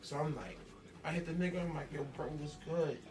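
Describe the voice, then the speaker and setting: Animated man telling a story, slang-heavy. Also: a little high, brisk, distant mic, noisy background. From New York. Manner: animated, acts out quoted dialogue, heavy slang. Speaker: rapper guest. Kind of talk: casual storytelling interview.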